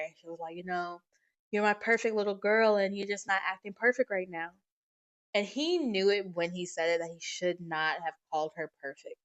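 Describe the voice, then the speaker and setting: A woman hosting a podcast, telling family stories in a casual, animated way and swearing freely. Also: lowish voice, muffled recording. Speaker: podcast host. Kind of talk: casual storytelling monologue. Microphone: podcast microphone.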